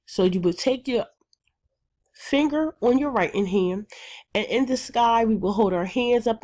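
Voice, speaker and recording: A woman teacher explaining a classroom phonics routine step by step, with plain, methodical talk and frequent ums. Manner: jumps higher and brighter when acting out chants.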